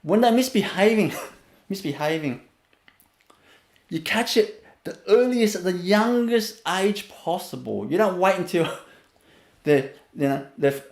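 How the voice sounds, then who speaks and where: A man giving a spiritual webinar talk, laughing often between phrases and sinking to a soft low voice to show calm. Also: a little slow, long pauses, echoey room. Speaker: spiritual teacher.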